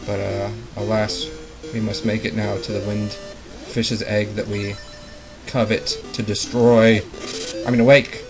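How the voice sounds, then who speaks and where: A man's voice: on the low side, flat delivery, a little slow, low-quality recording. A man hosting a let's play, rambling through casual commentary with playful puns and jokes. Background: game music.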